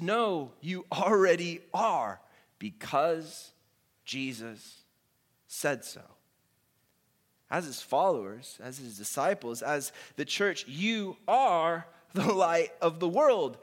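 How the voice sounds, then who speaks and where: A man preaching a sermon in a playful, emphatic way, slowing down with dramatic pauses to stress his points. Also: a little high, fairly bright tone. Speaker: pastor.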